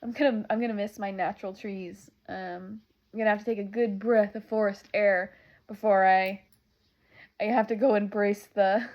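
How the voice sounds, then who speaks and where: A woman's voice: mid-range voice, fairly even intonation, moderate pace, muffled recording. A woman from Southern California, chatting casually to the camera at home while she packs, rambling with lots of "like" and "um.". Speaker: vlogger.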